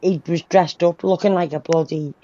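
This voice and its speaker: Low-voiced woman on a call. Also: fairly even intonation, moderate pace, warm tone, a little hiss or hum. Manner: swears freely, tells stories with quoted voices. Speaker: livestream co-host. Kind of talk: casual banter on a group video call. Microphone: phone on a video call. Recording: dry, dull phone-call audio.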